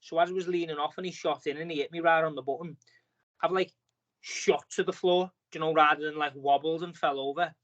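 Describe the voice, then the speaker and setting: A man's voice: on the high side, steady tone, brisk, a bit bright, muffled recording. A man, a boxer appearing as a guest, talking casually on a podcast and telling a long story packed with fillers and restarts. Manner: rambling storytelling with many fillers.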